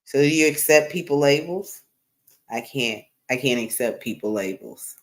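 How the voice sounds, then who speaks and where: A woman's voice: rumbling low, moderate pace. Woman talking straight to her stream chat, candid and emphatic, says things twice to hammer them home. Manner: candid, emphatic, repeats phrases for stress. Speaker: livestream host. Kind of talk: casual live-stream monologue.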